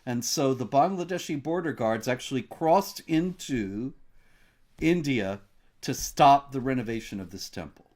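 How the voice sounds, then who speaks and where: A man hosting a news commentary discussion, laying out stories in a measured, reporting style with fillers. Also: medium pitch, expressive, a little mellow. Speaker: host.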